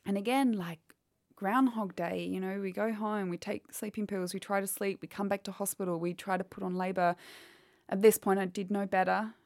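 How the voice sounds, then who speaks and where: Woman, low gravelly voice, retelling her story frankly, dry close sound. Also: steady tone, moderate pace, darkish tone, dry recording. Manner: candid, quotes others as she retells. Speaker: guest. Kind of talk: emotional personal storytelling.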